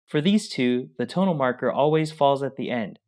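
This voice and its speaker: A man of ordinary pitch explains pronunciation rules in a calm, friendly lesson tone. He speaks plainly, as a co-teacher. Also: moderate pace. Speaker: Mandarin co-teacher.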